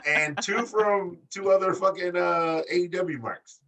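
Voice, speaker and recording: Bright man, sitting back from the mic. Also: high voice, a little slow, distant mic. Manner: crude, joking, repeats himself. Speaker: podcast co-host. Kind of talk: casual chat.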